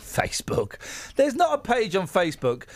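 Male radio host for loose studio banter, animated and a bit high, dry close mic. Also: no room sound. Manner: joking, excitable, quick to exclaim. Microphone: studio microphone.

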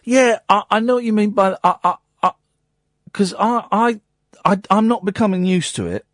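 A man hosting a late-night radio show from a studio, talking excitably with stammering restarts. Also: high-pitched, moderate pace, no room sound. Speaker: radio host. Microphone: studio microphone.

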